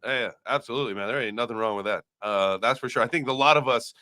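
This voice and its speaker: A bright, upbeat man hosting a live stream in easygoing slang, calling on guests and thanking viewers. The sound is dry and close. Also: mid-range voice, quick pace, dry recording. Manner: upbeat, reads super chats, thanks viewers. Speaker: host.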